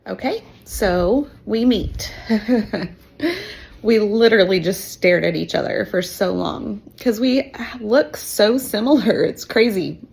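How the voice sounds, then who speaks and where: A woman's voice: mid-range voice, slow, vocal fry, a little mellow, breathy edge. A woman in her fifties, a teacher, telling her own adoption story in an emotional, chatty way with fillers and laughs. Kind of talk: personal storytelling.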